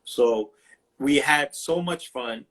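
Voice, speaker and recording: A man's voice: medium pitch, slow, fairly bright tone. A man hosting a casual livestream chat, telling a profane story and acting out the quotes with lots of energy. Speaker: host. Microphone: livestream phone mic.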